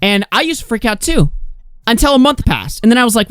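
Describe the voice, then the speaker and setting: A man's voice: sing-song, a little fast, a bit bright, smooth, no echo, clean studio sound. A young man hosting a talk show, ranting heatedly with lots of swearing. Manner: heated, profane, mocks others in high whiny voices. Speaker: podcast host.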